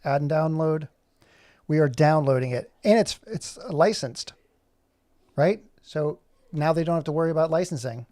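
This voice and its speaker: A man in his forties animates on a livestream, joking and rambling to himself as he works. His voice is on the high side and warm, at a moderate pace, in a dry, studio-quality recording.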